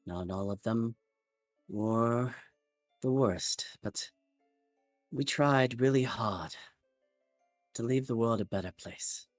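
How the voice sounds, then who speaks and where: A man voicing a stern male wizard who slowly recounts his past in measured phrases with long pauses. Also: medium pitch, no echo, clean studio sound, soft background music, natural voice. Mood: solemn. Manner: slow, measured storytelling with pauses.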